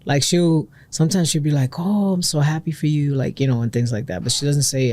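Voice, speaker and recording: A man co-hosting a podcast in casual heart-to-heart chat, a supportive listener who keeps affirming with quick agreements. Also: on the high side, fairly even intonation, darkish tone. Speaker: podcast co-host.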